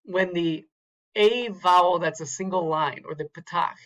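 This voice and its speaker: A man's voice: high-pitched, a little slow, a bit bright, lo-fi sound. A man teaching a recorded lecture from slides, carefully sounding out words syllable by syllable and repeating them. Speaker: Hebrew teacher.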